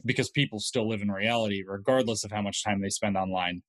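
A man appearing as a podcast guest, explaining ideas in a measured, casual way. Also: on the low side, fairly even intonation, fairly bright tone, dry recording. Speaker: guest author.

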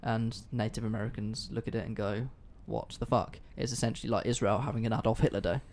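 A man's voice: fairly low pitch, fairly even intonation, quick pace, a little mellow. A man hosting a casual history podcast, chatty and offhand, swearing freely. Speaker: podcast host.

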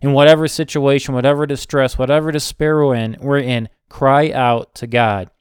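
Man preaching with slow, emphatic repetition. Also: medium pitch, steady tone, clear, resonant tone, no room sound, clean studio sound. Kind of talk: sermon.

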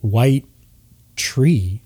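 A man runs a tabletop game as game master, describing scenes in a relaxed storytelling voice. His pitch sits in the middle. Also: extremely slow, husky.

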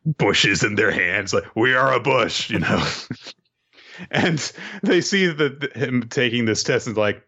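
A man's voice: mid-range voice, measured pace, slightly rough, muffled recording. A man co-hosting a podcast, casually recapping manga chapters and acting out lines as he goes. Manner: animated retelling, acting out quoted lines. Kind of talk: casual chat.

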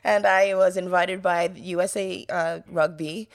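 A woman's voice: fairly low pitch, fairly even intonation, measured pace. A woman from New York, a guest in a casual interview, telling a long story in a chatty way and acting out the voices of the people in it.

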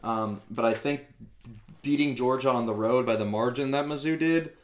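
A man hosting a casual sports podcast, talking loosely with quick asides and casual swearing. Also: medium pitch. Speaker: podcast host.

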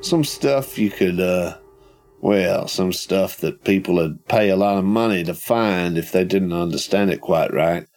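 A man doing a gruff, drawling tough guy. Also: deep voice, measured pace, darkish tone, faint music behind. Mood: wry.

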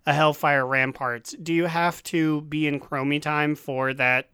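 A man's voice: on the high side, little pitch movement, unhurried, sharp tone, clear, resonant tone, no room sound, clean studio sound. A man chatting casually about a video game, joking and teasing his friends. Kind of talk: casual gaming chat.

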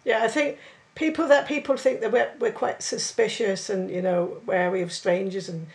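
A woman with a Cornish accent, a writer talking in a relaxed, chatty podcast conversation. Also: mid-range voice, moderate pace, gravelly. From Cornwall. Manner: chatty, animated storytelling.

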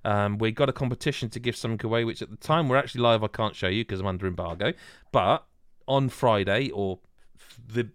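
A man's voice: lowish voice, quick pace, clean tone, no room sound, clean studio sound. A man hosting a podcast, rambling and joking with friends, full of restarts. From Wales. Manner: rambling, jokey, many restarts. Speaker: podcast host. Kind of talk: casual banter.

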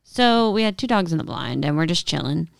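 A young woman co-hosting a hunting podcast, telling a story in a lively casual way and acting out what people said. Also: low-pitched, a little fast, gravelly, dry recording. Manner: animated retelling with quoted voices. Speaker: podcast co-host.

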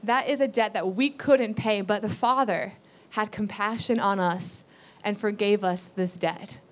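A woman's voice: medium pitch, measured pace. A woman giving a sermon, reading scripture aloud and explaining it earnestly, repeating key phrases and asking rhetorical questions. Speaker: Bible teacher.

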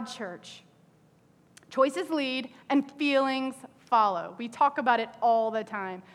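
A woman pastor preaching an animated sermon to her congregation, acting out people's prayers in an exasperated voice. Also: high voice, slow. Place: church sanctuary with a congregation. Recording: reverberant church hall.

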